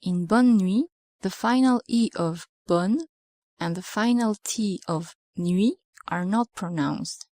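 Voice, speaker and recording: A woman's voice: mid-range voice, slow pace, dark tone, dry recording. Patient woman teaching pronunciation, dry sound. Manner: clear, patient, pronounces example words carefully. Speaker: language teacher. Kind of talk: scripted pronunciation lesson.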